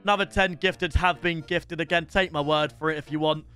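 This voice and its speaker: A man with a fairly high, bright voice chats loosely to his audience, often breaking off and restarting his sentences. He mocks himself in an easygoing way while reacting to clips. Faint music sits under his voice. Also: fairly even intonation, a little fast, smooth. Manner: chatty, self-mocking, lots of restarts. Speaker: reaction video host. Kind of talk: casual reaction commentary.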